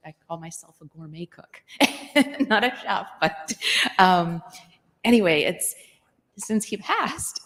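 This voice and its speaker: A woman with a fairly low voice speaking from the audience in a large, echoing hall. She tells her story hesitantly, full of fillers and small laughs. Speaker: audience member sharing a story. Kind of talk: casual personal storytelling. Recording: echoey hall.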